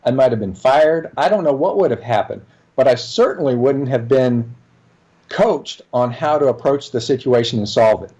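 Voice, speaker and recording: A man's voice: mid-range voice, expressive, normal speed, mellow, lo-fi sound. A middle-aged man, a leadership trainer, speaking as an interview guest and telling a workplace story with quoted dialogue. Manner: earnest, tells anecdotes with acted dialogue. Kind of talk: conversational storytelling.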